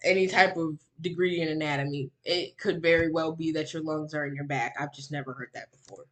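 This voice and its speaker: A woman streamer giving sarcastic reaction commentary on a video, swinging from mocking exclamations to low muttering. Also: steady tone, fairly quick.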